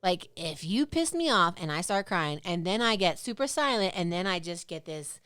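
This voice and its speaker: A woman's voice: fairly low pitch, big pitch swings, moderate pace, fairly bright tone, clean tone, no room sound. A woman co-hosting a podcast, chatting frankly and swearing freely in a casual talk. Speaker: podcast co-host. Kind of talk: candid casual chat.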